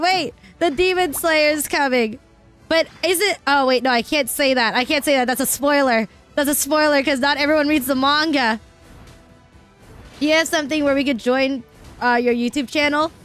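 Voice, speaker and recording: Young woman streamer, high voice, excitable gaming chatter, faint music behind. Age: young adult. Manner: chatty and excitable, laughs often, swears when flustered. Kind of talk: casual live-stream chat while gaming.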